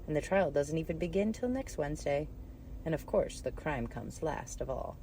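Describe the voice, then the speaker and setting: A woman's voice: low-pitched, expressive, normal speed, dark tone, slight background noise. A woman voicing a flustered, scatterbrained old queen who frets and shrieks when upset, reading a storybook. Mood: fretful. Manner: fretful, shrieking at times.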